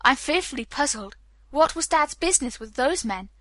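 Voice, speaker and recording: A woman narrator puts on a young woman just home from school, anxious and pleading. The voice sits a touch higher and sounds bright and crisp. It is dry and close. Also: expressive, moderate pace, no echo.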